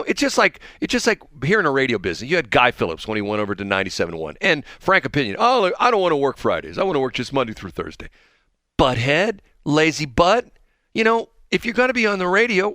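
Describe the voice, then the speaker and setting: Middle-aged guy on morning radio, rambles and jokes, bright voice, dry studio sound. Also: on the high side, fast talker, no room sound. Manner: animated, joking, rambling. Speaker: radio host. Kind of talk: live morning radio chat.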